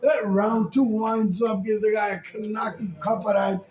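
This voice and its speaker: A male rabbi telling a story in a sermon, in an animated, colloquial way with Hebrew and Yiddish terms woven in. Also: high voice, moderate pace. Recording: echoey room, faint ambience.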